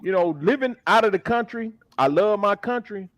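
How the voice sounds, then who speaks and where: A man's voice: high voice, normal speed, fairly bright tone, dry recording. A man chatting as a guest on a live podcast, joking and swearing, slipping into fluent Spanish. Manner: laughing, profane banter. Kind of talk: casual chat.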